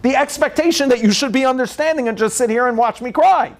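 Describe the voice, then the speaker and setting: Speaking very fast in a very high voice, a male rabbi delivers a funny lecture full of family stories. He acts out the dialogue animatedly, with frequent laughter.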